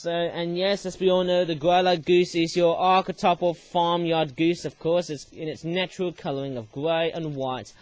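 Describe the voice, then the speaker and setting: Young male host, casual rambling review delivery, slightly high pitch, dry recording. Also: no echo. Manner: rambling, ends phrases with tag words. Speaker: channel host reviewing his own origami toys.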